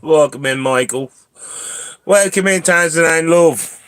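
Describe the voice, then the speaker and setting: A man hosting a casual livestream, chatting with viewers and ranting about a held-up package, with coughs and throat-clearing between lines. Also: fairly high pitch, measured pace, noisy background. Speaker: livestream host.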